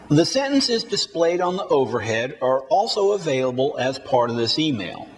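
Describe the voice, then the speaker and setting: In a recorded spoken-English lesson, a man with a slightly high voice reads model sentences slowly and deliberately so learners can repeat them.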